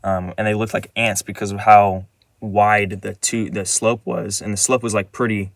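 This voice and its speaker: Here a male vlogger recounts his dream casually and ramblingly, restarting often and leaning on filler words. He speaks at normal speed in a lowish, gravelly voice with a level tone, and the audio has no echo.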